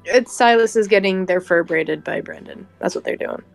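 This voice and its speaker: A woman's voice: lowish voice, normal speed, creaky. Young woman, playful, giggly, tabletop player, faint music behind. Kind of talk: tabletop game play over voice chat.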